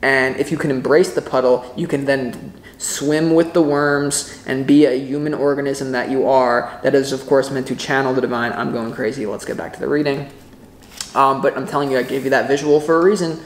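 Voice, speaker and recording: A man giving a casual tarot reading to camera, excitable and rambling, often breaking off mid-thought. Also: medium pitch, brisk, echoey room, a little hiss or hum. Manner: rambling, excitable, self-interrupting. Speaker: tarot reader.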